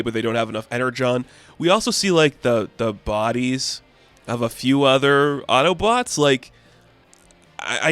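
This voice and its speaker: A man talks through a comic book in a loose, rambling way, leaning on fillers as he goes. He slips into quick put-on voices for the characters now and then, over his middle-pitched everyday voice. Faint music plays underneath. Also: a bit bright. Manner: rambling, full of "like" fillers, playfully acts out characters' lines. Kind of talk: casual comic recap.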